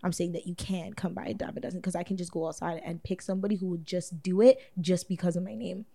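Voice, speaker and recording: A woman's voice: lowish voice, steady tone, fast talker, gravelly, dark tone. A woman, a guest in a casual chat, talking bluntly with lots of swearing and frequent laughter. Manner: blunt, profane, laughs often.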